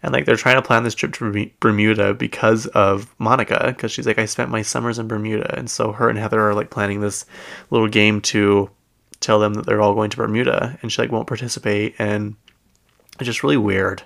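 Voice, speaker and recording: A man's voice: on the low side, fairly even intonation, a little fast, vocal fry, fairly bright tone. A man hosting a podcast, chatting casually and rambling with lots of fillers and self-corrections. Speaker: podcast host. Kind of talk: casual chat.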